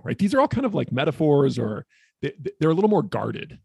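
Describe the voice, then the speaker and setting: A man's voice: fairly high pitch, very animated, moderate pace, gravelly, mellow, husky, no echo, clean studio sound. A man co-hosting a podcast as a therapist, explaining ideas in a thoughtful, casual way with many fillers. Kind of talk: casual conversation.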